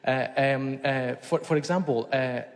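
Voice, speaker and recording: A man offers hesitant remarks in a public debate and pauses to search for words. His voice sits at a middling pitch. The room around him has a long hall reverb. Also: fairly even intonation. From Greece. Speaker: debate participant. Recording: echoey hall.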